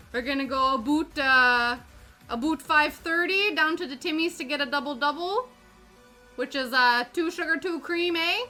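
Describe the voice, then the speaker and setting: A woman's voice: sits high, unhurried, pauses often, bright, forceful tone, soft background music, voice pushed up. A woman putting on a chummy, laid-back stereotypical Canadian guy with an exaggerated Canadian accent, drawling and ending lines with "eh". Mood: hammy. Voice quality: drawling, tacks "eh" onto lines.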